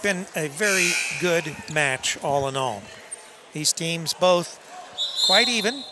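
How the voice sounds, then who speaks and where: A man co-hosting a live high school volleyball broadcast, giving brief reactions and reading station announcements. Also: lively intonation, takes it slowly, very noisy. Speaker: color commentator. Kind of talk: live sports broadcast commentary.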